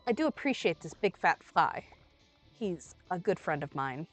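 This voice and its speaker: A young woman streaming a game and chatting casually, rambling and playful, with sudden loud outbursts, while she is under the weather. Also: on the low side, very animated, normal speed. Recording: faint music behind.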